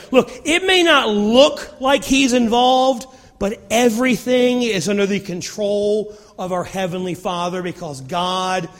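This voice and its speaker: A male pastor preaching a sermon in a church, animated and playful with the congregation. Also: sits high. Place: church sanctuary. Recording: long hall reverb.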